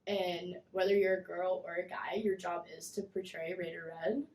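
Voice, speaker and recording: A young woman telling animated stories in a casual chat as a guest, full of fillers. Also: on the low side, moderate pace, reverberant. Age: young adult. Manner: animated storytelling, acts out kids' voices, many fillers. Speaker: guest, former mascot performer.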